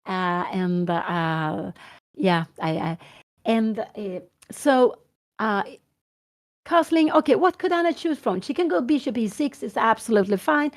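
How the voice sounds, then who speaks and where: A woman's voice: fairly high pitch, a little slow. Swedish woman thinking aloud over chess. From Sweden. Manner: thinking aloud, hesitant, with many fillers and restarts. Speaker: chess commentator. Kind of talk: live chess commentary. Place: home room.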